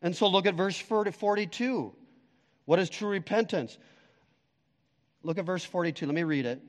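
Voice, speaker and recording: A man preaching a sermon as pastor, emphatic, swinging between loud declarations and hushed, quiet stretches. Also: high voice, normal speed, in a large hall.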